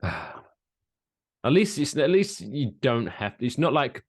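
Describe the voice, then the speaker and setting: A man from England co-hosting a podcast, talking in casual banter with animated, drawn-out emphasis and frequent self-corrections. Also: mid-range voice, husky. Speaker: podcast co-host.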